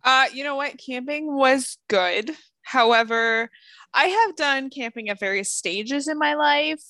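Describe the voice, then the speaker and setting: A woman in her thirties chats on a remote podcast, her fairly high voice leaping up and down as she acts out bits of her stories. The sound is dry and close, with no room around it. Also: unhurried, no echo. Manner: animated storyteller, acts out voices, laughs often. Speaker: podcast co-host. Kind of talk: casual chat. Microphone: headphones over a video call.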